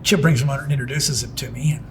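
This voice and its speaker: A man's voice: mid-range voice, steady tone, rapid-fire, slight background noise. A middle-aged man who works as a pinstriping artist tells stories about his work in a casual interview, rambling and restarting with plenty of "it's like" asides.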